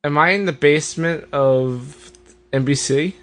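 A man's voice: on the high side, measured pace. A man on a casual comedy podcast, firing back incredulous questions and wisecracks. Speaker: podcast co-host.

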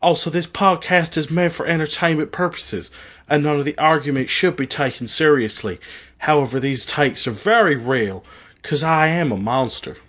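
A man's voice: a little high, normal speed, fairly bright tone. A man voicing a genteel Southern belle with a put-on American Southern accent, drawling and mock-formal. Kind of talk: comedy podcast bit.

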